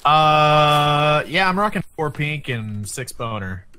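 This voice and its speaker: A man's voice: on the high side, expressive, slow, a crowd in the background. A young man bantering goofily and playfully with a friend while they play a co-op game. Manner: playful, goofy, laughing. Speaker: co-op gaming partner. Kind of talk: casual co-op gameplay banter.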